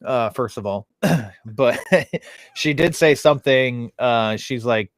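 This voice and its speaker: A man's voice: mid-range voice, slow pace. A man in his thirties hosting a podcast, telling loose stories full of swearing and fillers. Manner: loose storytelling, heavy swearing, frequent fillers. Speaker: podcast host. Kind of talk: casual chat.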